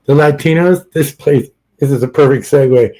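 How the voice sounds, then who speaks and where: A man's voice: fairly high pitch, normal speed, mellow, poor audio. A man hosting a podcast in casual political chat, blunt and rambling, swearing freely and laughing at his own jokes. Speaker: podcast host.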